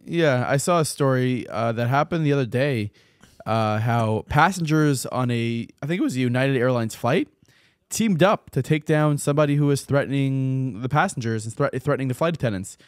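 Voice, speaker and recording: On a casual podcast, a man plays host, recounting news stories in a chatty way and frequently repeating words while he collects his thoughts. His voice sits at medium pitch and moves at a normal, smooth pace. The recording is clean studio sound with no room echo.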